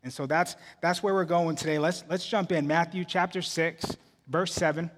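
A man's voice: a little high, steady tone, moderate pace, fairly bright tone, big-room sound. A man preaching a sermon as pastor, telling a story in a loose, conversational way with frequent restarts.

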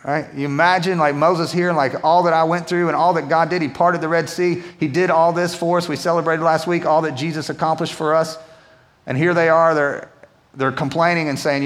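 A man preaching as a pastor, telling a Bible story in a conversational, animated way. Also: a little high, brisk. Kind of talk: sermon. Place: church auditorium. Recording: echoey hall reverb.

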